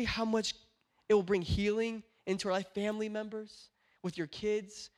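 A young man preaches in a high voice to his church. He talks earnestly, then swells into passionate, shouted preaching. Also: level tone, moderate pace. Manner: builds from quiet earnest talk to passionate shouting. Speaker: pastor. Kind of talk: sermon.

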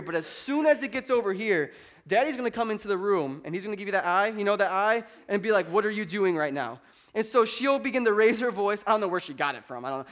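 High-voiced man preaching a lively sermon. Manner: conversational preaching with humor, rising to loud emphatic peaks. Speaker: pastor.

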